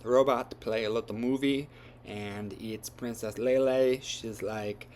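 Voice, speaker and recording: A man's voice: mid-range voice, steady tone, takes it slowly, a little mellow, slight background noise. A man retelling a story from memory in a casual, rambling way with loose grammar and lots of fillers.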